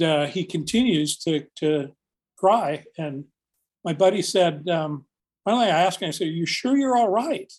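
Earnest older man telling a rescue story. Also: a little high. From United States. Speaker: search and rescue volunteer, guest. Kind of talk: casual podcast storytelling.

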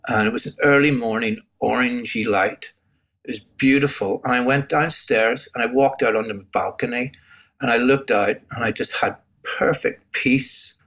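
A man's voice: medium pitch, moderate pace. Reflective Northern Irish man in his sixties. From Northern Ireland. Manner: reflective, gets choked up, laughs softly. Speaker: guest telling his testimony. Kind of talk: interview testimony.

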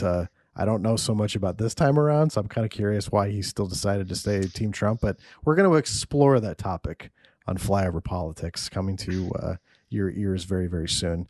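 Man, podcast host, low voice, loose and profane, dry close sound. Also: a little mellow, no room sound. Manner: loose and profane, laughs often. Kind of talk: casual podcast chat.

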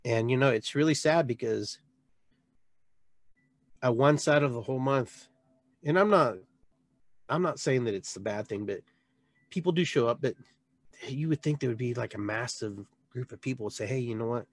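A man hosting a live show as a shaman, talking in a heartfelt, rambling way with many restarts, jumping from loud bursts down to quiet trailing words. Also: medium pitch, normal speed, long pauses, no room sound. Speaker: podcast host and shaman. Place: local area with a reservoir, addressing live viewers.

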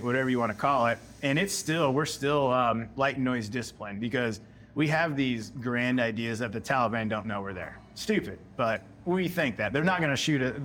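A man's voice: medium pitch, a bit bright, slight background noise. American man telling a war story. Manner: casual storytelling, acts out his own past lines. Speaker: guest, military veteran. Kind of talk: personal war story told in conversation.

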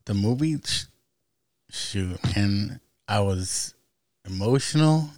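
A man in casual chat, soft-spoken and trailing off as he talks. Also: lowish voice, lively intonation, slow pace, noisy background.

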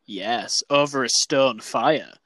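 A man's voice: mid-range voice, takes it slowly, fairly bright tone. A New man co-hosting a comedy podcast, playful and sweary, teasing his co-host. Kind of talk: casual comedy podcast banter.

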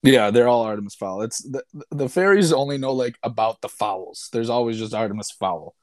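A man's voice: medium pitch, expressive, normal speed, a little mellow, no room sound, clean studio sound. A young man casually and sarcastically recapping a movie he disliked, rambling and swearing as a podcast co-host. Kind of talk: casual chat.

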